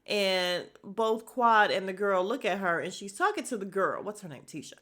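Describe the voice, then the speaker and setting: Female podcast host, casual gossip recap, quick animated delivery, mid-pitched voice. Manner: animated, gossipy, acts out quotes.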